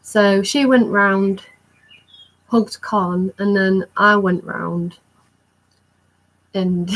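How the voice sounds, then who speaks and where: Young woman, chatty vlogger, recounts a story with breathless excitement. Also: mid-range voice, breathy edge, rough recording. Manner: excited, rambling recounting with many fillers. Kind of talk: storytime vlog.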